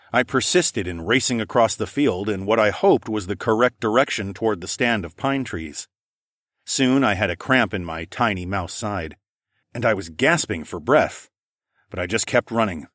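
Man, audiobook narrator, first person, low voice, dry close sound. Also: a bit bright, dry recording.

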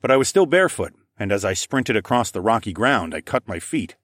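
A man narrating a first-person story in a steady, even reading voice. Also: lowish voice, a little fast, dry recording, clean studio sound.

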